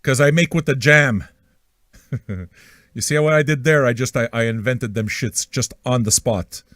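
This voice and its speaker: Man, radio host, crude self-mocking banter, mid pitch, dry mic. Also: measured pace, fairly bright tone, no room sound. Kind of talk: profane, rambling livestream banter.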